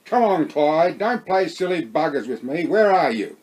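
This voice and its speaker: A man with an Australian accent voicing a gruff, nervous bloke who shouts and swears. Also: a little high, sing-song, moderate pace, rough recording. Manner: loud, rough-spoken, swears.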